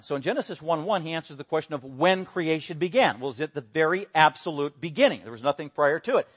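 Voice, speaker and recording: A man preaching a sermon, emphatic, swinging between loud exclamations and quiet explanation. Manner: emphatic, rising to loud exclamations then dropping low. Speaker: pastor.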